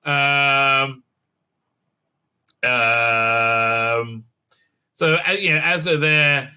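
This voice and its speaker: Reviewing a TV episode as a show host, a man speaks in a mid-range voice that is bright, forceful, clear, and resonant. His rambling recap is halting and filler-heavy, peppered with mocking asides and quotes acted out in silly voices.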